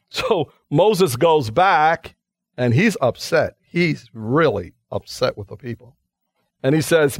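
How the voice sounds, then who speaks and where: A man's voice: a little high, expressive, takes it slowly, no echo, clean studio sound. A male pastor preaching a radio sermon in an emphatic, dramatic way, acting out the lines he quotes.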